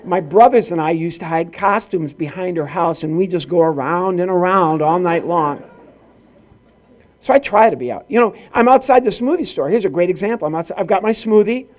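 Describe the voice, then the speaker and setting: Man, stand-up comedian, middle-aged, from rural Illinois, high voice, storytelling with acted-out dialogue. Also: fairly quick. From rural Illinois, US Midwest. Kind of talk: stand-up comedy at a corporate event.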